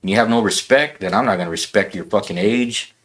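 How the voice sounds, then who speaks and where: A man's voice: lowish voice, fast talker, a bit bright. A man telling a blunt, profane story in a casual podcast chat, saying "bro" a lot. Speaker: podcast guest.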